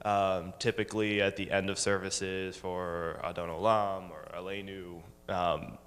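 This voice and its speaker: A young man in his twenties presents slides to a congregation, stopping often on ums and uhs. His voice sits a little low, and it rings out with a long reverb in a large hall. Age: 20s. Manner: hesitant, many ums and uhs. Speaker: student giving a talk to a congregation. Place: synagogue hall.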